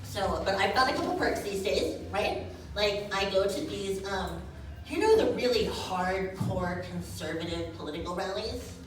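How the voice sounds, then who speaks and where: Lively woman doing stand-up. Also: medium pitch, moderate pace. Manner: animated, chatty, keeps asking "right?". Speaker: stand-up comedian. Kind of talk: stand-up comedy set. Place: comedy stage, live crowd. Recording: very echoey room, distant mic, noisy.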